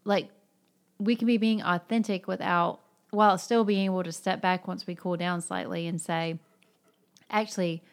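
Woman explaining thoughtfully, lower voice. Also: steady tone, normal speed. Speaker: book discussion co-host. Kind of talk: casual chat.

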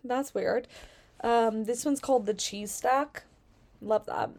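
A woman's voice: fairly high pitch, takes it slowly, gravelly, a little mellow. Sarcastic Southern-accented woman vlogger. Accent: Southern American. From Southern Virginia. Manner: sarcastic, chatty, swears freely. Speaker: vlogger reading customer stories. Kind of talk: casual commentary reading stories.

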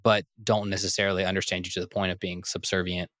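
Low-voiced animated male podcaster. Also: quick pace, dry recording, studio quality. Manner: animated, stumbling restarts, laughs often. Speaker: podcast co-host. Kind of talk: casual podcast chat.

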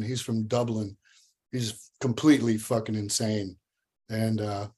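Male guest actor, relaxed podcast chat, salty and lively. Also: medium pitch. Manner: animated storyteller, swears freely.

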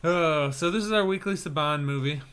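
A man's voice: on the high side, moderate pace, a bit bright, clean tone. A man co-hosting a casual podcast, chatting about movie trailers with wry, joking banter. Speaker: podcast co-host.

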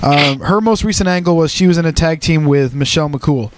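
A man co-hosting a casual wrestling recap podcast, talking in a rambling, relaxed way with crude jokes. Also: a little high, fairly quick, background noise. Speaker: podcast co-host.

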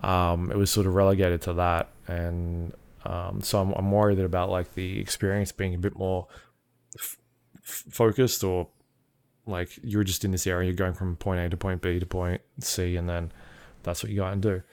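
A man's voice: deep voice, level tone, normal speed, a little mellow, clear, resonant tone. A man co-hosting a casual podcast, rambling and full of fillers, swearing freely as he talks through his thoughts. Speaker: podcast co-host. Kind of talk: casual chat about video games.

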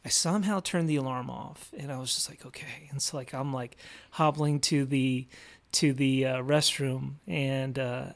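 A young man, a police officer as podcast guest, telling a rambling, self-deprecating story with many fillers and hushed asides. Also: mid-range voice, steady tone, moderate pace. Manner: rambling, filler-heavy, self-deprecating, drops to a hush when retelling quiet moments. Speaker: guest, police officer recounting his recovery. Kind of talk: casual storytelling in conversation.

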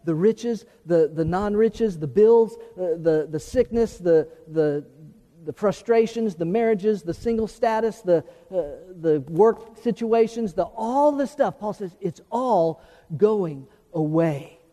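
Male preacher, high, mellow tone, folksy and animated, long hall reverb. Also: slow pace. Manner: animated, folksy, repeats words while teaching. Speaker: pastor. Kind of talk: sermon.

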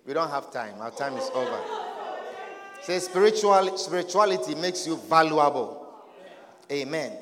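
A man preaching a lively sermon as pastor, laughing and shouting as he acts out people's words. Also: on the high side, unhurried, pauses often. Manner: animated, often laughing and shouting, acts out quoted voices. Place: church hall. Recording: echoey hall with crowd. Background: congregation.

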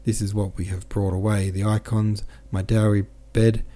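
A man reading the part of a distraught middle-aged mother who pleads and scolds in a higher, louder voice. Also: little pitch movement, moderate pace, close to an everyday voice. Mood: sobbing. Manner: pleading, frantic, then scolding.

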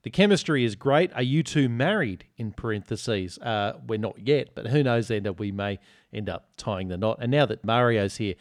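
A podcast host with a lowish voice reads listener reviews aloud, joking and teasing in casual chat. He speaks at normal speed with lively intonation, and the audio is studio quality with no room sound.

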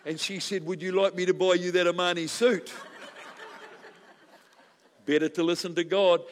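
A male pastor, telling a joking story in a sermon that builds to loud preaching. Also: sits high, normal speed, long pauses. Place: church hall. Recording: long reverb of a large hall.

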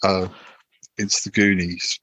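Male podcast host, low husky voice, halting casual quizmaster. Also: little pitch movement, sharp tone, no room sound, rough recording. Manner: hesitant, lots of ums and restarts. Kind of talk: casual chat, reading quiz questions.

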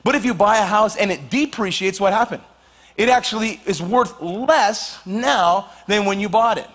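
A high-voiced man preaches to a church, animated and jokey. He acts out quick little scenes as he goes, easy and playful with the crowd. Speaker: pastor. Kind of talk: sermon.

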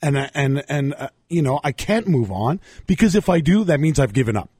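A hoarse man from Montreal, losing his voice, passionately ranting as co-host of a casual sports chat. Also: a little high, big pitch swings, a little fast, a little mellow, no echo, studio quality. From Montreal, Canada. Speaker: podcast co-host.

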